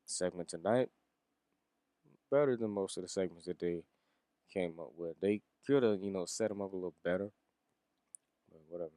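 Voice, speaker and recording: A man with a somewhat low voice talks loosely through a wrestling review. He rambles, swears, and chuckles now and then. The recording is close and dry, with no room sound. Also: moderate pace, long pauses, warm tone, no room sound. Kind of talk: casual solo review.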